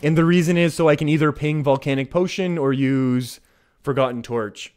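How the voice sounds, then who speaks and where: A man's voice: a little high, moderate pace, a little mellow, clean tone. A man with a Canadian accent giving casual, chatty commentary while streaming a card game. He often chuckles at himself and restarts his sentences as he talks to his chat.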